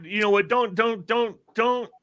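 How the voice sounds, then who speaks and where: A man's voice: high voice, unhurried, slight background noise. A man hosting a casual chat, telling jokes with lots of laughter. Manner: animated joke-telling, laughs at his own punchlines. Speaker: host.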